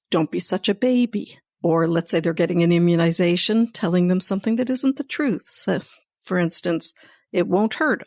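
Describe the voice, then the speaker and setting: A woman hosting a parenting episode, giving gentle, reassuring advice to parents in a conversational way. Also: lowish voice, gravelly, no room sound, studio quality. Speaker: parenting educator and podcast host. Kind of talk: warm advice talk to parents.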